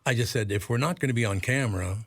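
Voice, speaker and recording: A man's voice: medium pitch, fast, no echo. An older man from Minnesota, a radio broadcaster guest, telling wry, laugh-filled stories in casual chat. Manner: wry storyteller, animated laugh-filled anecdotes.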